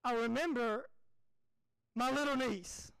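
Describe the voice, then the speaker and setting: A young man, a pastor preaching a folksy, animated, self-deprecating sermon. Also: very high voice, slow, creaky, smooth, dry recording, rough recording.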